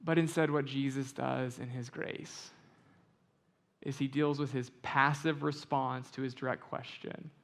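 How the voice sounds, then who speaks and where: A man preaching a sermon as pastor, moving from slow, quiet scripture reading to conversational explanation and loud, emphatic stretches. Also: mid-range voice, steady tone, gravelly. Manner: reads scripture slowly and quietly.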